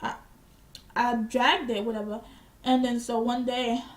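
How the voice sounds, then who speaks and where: A woman's voice: fairly high pitch, flat delivery, a little slow. A young woman vlogger telling a casual storytime, blunt and profane, proudly petty and unbothered. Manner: boastfully petty.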